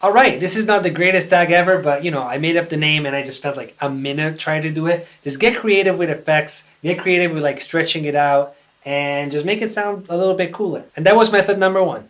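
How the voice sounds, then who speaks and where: Young male tutorial host, brisk and chatty, a touch high-pitched. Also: a bit bright. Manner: upbeat, chatty, many fillers like "like" and "kinda". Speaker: music producer and tutorial host. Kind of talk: casual how-to tutorial.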